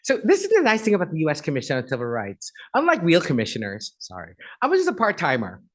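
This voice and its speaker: A man's voice: a little high, huge pitch swings, fast talker, low-quality recording. A middle-aged man giving a chatty, effusive guest speech at an agency event, then taking audience questions.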